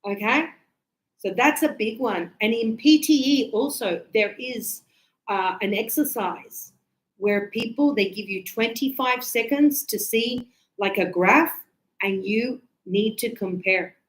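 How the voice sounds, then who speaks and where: A woman teaching English in a live class, chatty and animated, acting out little dialogues as she explains. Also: fairly high pitch, slow, echoey room, low-quality recording.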